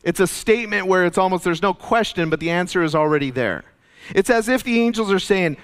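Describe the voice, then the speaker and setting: A male pastor giving an earnest, conversational sermon, going soft and low when quoting figures, recorded in a church. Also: lively intonation, brisk, smooth. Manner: earnest, conversational preaching, drops soft and low for quoted lines. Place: church sanctuary. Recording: long reverb of a church hall.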